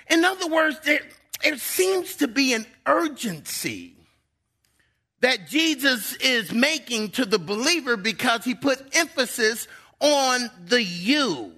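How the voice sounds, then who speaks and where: A man's voice: very high-pitched, sing-song, measured pace, sharp tone. A middle-aged male pastor preaching a sermon in a church, emphatic and drawing out key words.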